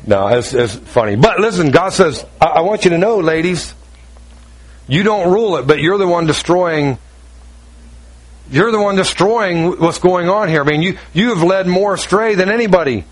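A man preaching a sermon as pastor, emphatic and repetitive, with quick asides to the congregation. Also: high voice, expressive.

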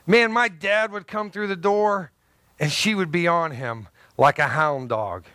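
A man preaching a sermon as pastor, lively and joking, swinging between loud emphasis and soft asides. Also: sits high, unhurried, no room sound.

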